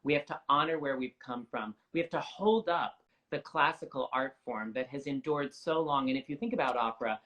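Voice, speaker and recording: A young man speaking in an earnest, articulate way, reflecting as he goes. His voice sits at an ordinary mid pitch, and he sounds like an opera singer in a relaxed interview. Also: brisk, hardly any pauses, lo-fi sound. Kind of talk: conversational interview.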